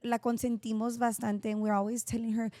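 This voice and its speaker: Middle-aged woman, podcast co-host, casual chat, expressive, slightly high voice, dry close sound. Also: no room sound. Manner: expressive, quick bursts of laughter.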